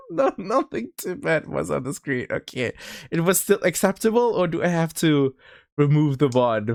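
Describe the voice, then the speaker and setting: Lively young man with a German accent. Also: a little high, dry recording, studio quality. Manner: rambling, with frequent restarts and bursts of laughter. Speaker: streamer. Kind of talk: casual livestream chat.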